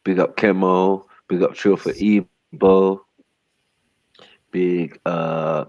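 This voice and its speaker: A man's voice: low-pitched, little pitch movement, slow, pauses often, a little mellow, no room sound, dull audio. A man hosting a livestream, talking in a laid-back, slangy drawl. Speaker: livestream host. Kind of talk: casual chat.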